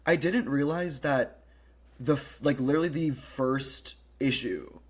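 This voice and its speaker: A man's voice: medium pitch, crowd noise. Chatty man co-hosting a podcast. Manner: chatty, laughing, quick restarts and quoted voices. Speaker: podcast co-host. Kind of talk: casual chat.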